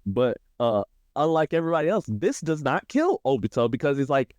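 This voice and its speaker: A man co-hosting a podcast, recapping an anime storyline in a casual, animated way and acting out the characters' lines. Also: a little fast, dry recording. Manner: animated, acts out character quotes with shifting pitch. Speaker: podcast co-host.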